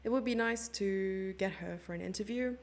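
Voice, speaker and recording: With a mid-range voice at a moderate pace, this young South African woman chats and giggles her way through live chess commentary. She keeps things casual with her viewers and reads their messages out loud.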